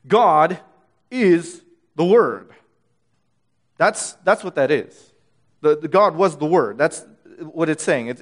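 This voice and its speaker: Man, bible teacher, high voice, earnest, repetitive, restarts a lot. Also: a bit bright. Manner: earnest, repeats phrases for emphasis; frequent restarts and stammered words.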